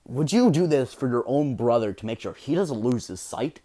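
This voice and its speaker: A man voicing a scarred, bitter teenage hero boy in a halting, hesitant way. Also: medium pitch, expressive, mellow, lightly acted. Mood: resentful. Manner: halting, hesitant delivery with fillers.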